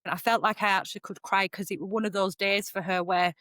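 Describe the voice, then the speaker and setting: A middle-aged woman, a psychic medium guest on a podcast who talks in a lively, chatty storytelling way. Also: mid-range voice, quick pace, no room sound, clean studio sound. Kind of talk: casual podcast conversation.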